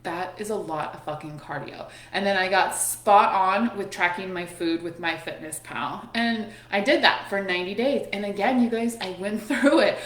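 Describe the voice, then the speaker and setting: A woman's voice: medium pitch, normal speed, few pauses, fairly bright tone. A woman in her thirties talks candidly in a casual motivational chat. She swears freely and laughs often. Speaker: host. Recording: echoey room.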